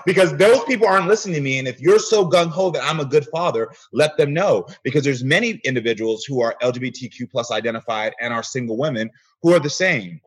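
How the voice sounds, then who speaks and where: Husky earnest man telling a story. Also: medium pitch, lively intonation, fast, hardly any pauses. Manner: earnest storyteller, acts out quoted exchanges. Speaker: guest. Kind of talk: casual interview conversation.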